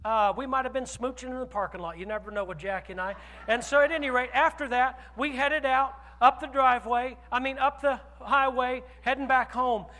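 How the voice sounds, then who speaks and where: A man preaching a sermon as pastor, telling a personal story with animated swings from loud declarations to hushed asides. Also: very high voice, a little fast, in a large hall.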